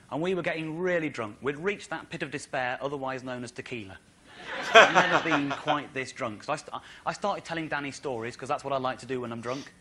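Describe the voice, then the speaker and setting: An English man tells a long comic story to a studio audience in an animated, rambling way, with comic exasperation. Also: mid-range voice. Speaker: comedian.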